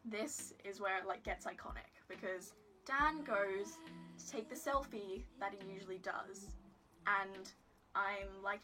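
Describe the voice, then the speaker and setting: A woman's voice: mid-range voice, slow, sharp tone, faint music behind. A woman telling a story to her phone camera in a casual vlog, giggly and rambling with lots of "like" and self-deprecating asides. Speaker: vlogger.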